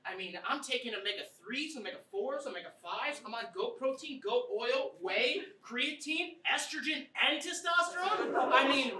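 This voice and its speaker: A woman's voice: high voice, animated, moderate pace, hardly any pauses, pushed and bright. A woman playing a twitchy young man who rambles and blurts to his therapist in a comedy sketch. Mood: rattled. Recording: roomy, distant mic.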